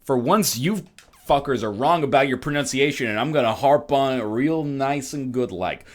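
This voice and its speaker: A man's voice: mid-range voice, lively intonation, moderate pace. A man riffing and joking sarcastically in casual stream chat. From Canada.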